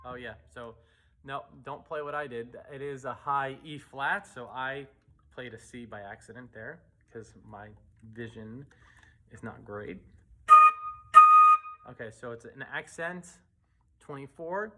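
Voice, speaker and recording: A man's voice: mid-range voice, a little slow, pauses often, bright, forceful tone. A man teaching a flute part, talking students through rhythm and articulation and scatting the phrases on syllables. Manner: scats rhythms on syllables between instructions. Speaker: band teacher. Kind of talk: casual music rehearsal lesson.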